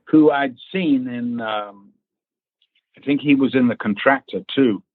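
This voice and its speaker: A man's voice: mid-range voice, a little slow, dry recording. Storytelling male actor on a phone line. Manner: storytelling, acts out quoted people, swears casually. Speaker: actor guest. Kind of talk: anecdotal interview chat. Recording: tinny phone-line audio.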